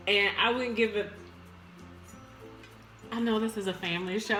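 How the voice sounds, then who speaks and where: A woman's voice: on the high side, expressive, moderate pace, sharp tone, reverberant, faint music behind. A woman chatting casually to her viewers in a home vlog, laughing often and calling them y'all. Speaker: vlogger. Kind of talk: casual mukbang chat.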